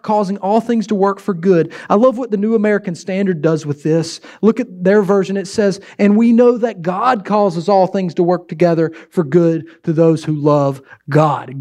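A man's voice: sits high, darkish tone. A pastor preaching a sermon, exhorting with repeated emphatic phrases and shifting his pace for effect.

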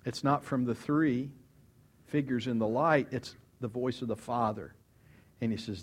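A man's voice: medium pitch, normal speed, husky. A man preaching a sermon, telling stories with animation, asking rhetorical questions and acting out quotes. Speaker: pastor.

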